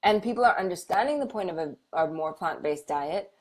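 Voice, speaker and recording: A woman hosting a casual live stream, chatting warmly and encouragingly with viewers with lots of fillers and restarts. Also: fairly low pitch, expressive, a little fast. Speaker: medical intuitive hosting a live Q&A.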